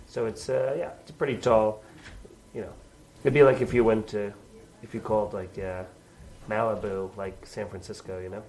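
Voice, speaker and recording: A man's voice: fairly low pitch, steady tone, moderate pace, darkish tone, rough recording. Self-deprecating man from New York. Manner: rambling, self-deprecating jokes. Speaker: comedian guest. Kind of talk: casual chat. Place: basement.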